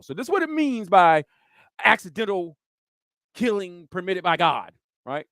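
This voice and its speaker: A man preaching with a high, lively voice that jumps all over its range. He acts out the scenes he describes with vivid sounds. The sound is dry and close. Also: a little fast, dry recording. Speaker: pastor. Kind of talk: preaching a sermon.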